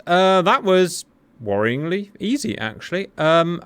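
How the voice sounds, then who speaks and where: A man's voice: mid-range voice, expressive, moderate pace, noisy background. A man hosting a flight sim debrief, joking and exclaiming playfully between updates. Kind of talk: animated gaming commentary.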